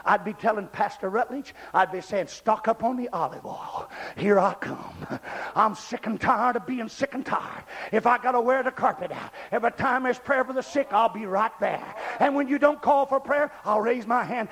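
A man preaching a revival sermon, shouting at the climaxes and dropping low for asides. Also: normal speed, breathy edge. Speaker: pastor.

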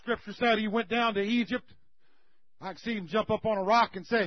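High-voiced preacher. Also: male voice, fairly quick, no echo. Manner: folksy, animated retelling. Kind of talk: sermon storytelling. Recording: slightly muffled recording.

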